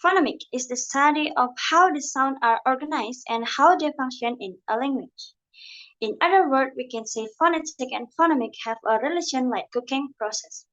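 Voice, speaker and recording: High-voiced young woman presenting to class. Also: a bit bright, dull audio. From Indonesia. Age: young adult. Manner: careful, halting explanation from notes. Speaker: student presenter.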